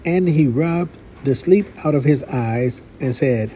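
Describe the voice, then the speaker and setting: A man's voice: mid-range voice, expressive, measured pace, hardly any pauses, mellow, slight background noise. A man reading a storybook aloud, with folksy, playful asides.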